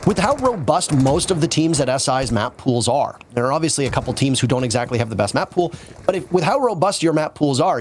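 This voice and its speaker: A man doing live esports commentary, measured and analytical as he breaks down the play. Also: fairly high pitch, a little hiss or hum. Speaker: esports caster.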